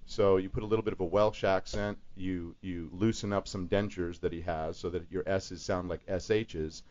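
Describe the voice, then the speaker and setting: A man's voice: low-pitched, fairly even intonation, moderate pace, hardly any pauses, darkish tone. A man, a voice actor, chatting on a radio talk show and explaining how to build voice impressions. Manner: explains voice impressions, demonstrates them. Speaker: voice actor guest. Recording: dull lo-fi radio broadcast.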